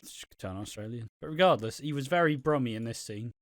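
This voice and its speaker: A man's voice: mid-range voice, lively intonation, quick pace, no room sound, studio quality. A man co-hosting a podcast, chatting bluntly and swearing freely. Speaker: podcast co-host. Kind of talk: casual chat.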